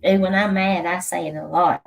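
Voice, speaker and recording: A woman's voice: lowish voice, steady tone, moderate pace, creaky. A woman with a Southern US accent hosting a casual livestream chat, teasing her viewers and laughing often. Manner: laughs a lot, teasing, drawling. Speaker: livestream host. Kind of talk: casual chat reading live comments.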